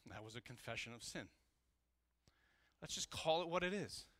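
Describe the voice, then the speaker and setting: Male pastor, bright, forward tone, dry close sound, candid and animated sermon delivery. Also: mid-range voice, moderate pace, dry recording. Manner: candid and animated, swinging between loud and hushed.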